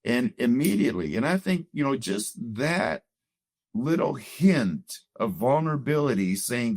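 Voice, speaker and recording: A middle-aged man shares a personal testimony in a conversation, earnest and reflective, often pausing with "you know." His voice sits at an ordinary pitch and the recording is close and dry. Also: animated, a little mellow, dry recording. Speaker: guest telling his marriage story.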